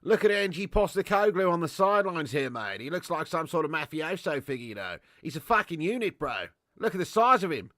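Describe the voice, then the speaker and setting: A man's voice: on the high side, very animated, a little fast, few pauses, a bit bright, no room sound, studio quality. A man putting on a mock Australian accent as a cheery, matey bloke, calling everyone mate and bro. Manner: chummy, peppered with mate and bro.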